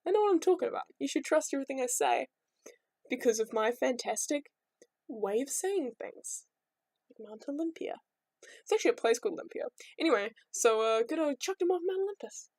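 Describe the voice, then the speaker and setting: High-voiced woman, rambling and jokey. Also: lively intonation, a little fast, a little mellow, no room sound. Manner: rambling, irreverent, jokey asides. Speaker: vlogger. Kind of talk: casual storytelling.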